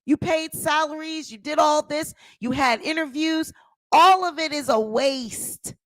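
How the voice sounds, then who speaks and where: A woman's voice: sits high, a bit bright, no room sound. A woman hosting a gossip commentary channel, talking emphatically and repeating phrases for effect. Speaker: channel host.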